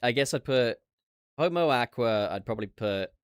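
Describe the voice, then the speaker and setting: A man hosting a casual livestream chat, swearing freely and throwing in quick asides. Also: mid-range voice, animated, clean tone, no echo, studio quality. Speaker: podcast host.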